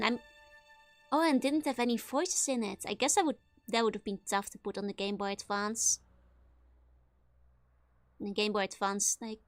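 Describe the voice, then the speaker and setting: A woman VTuber giving casual let's-play commentary, chatty and quick to laugh. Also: fairly high pitch, creaky. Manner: giggly and chatty, with frequent laughs. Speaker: VTuber streamer.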